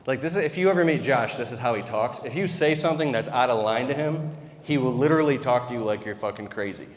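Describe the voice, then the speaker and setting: A man's voice: medium pitch, fast. A man giving a keynote speech as a candid, profane, conversational personal story. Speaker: keynote speaker. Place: large convention hall. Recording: reverberant convention hall.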